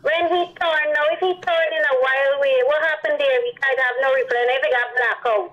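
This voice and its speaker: A woman's voice: sits high, steady tone, brisk. A woman caller with a Guyanese accent, earnestly rambling about a worrying problem on a call-in show. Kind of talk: call-in radio complaint. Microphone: phone line. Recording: muffled phone line.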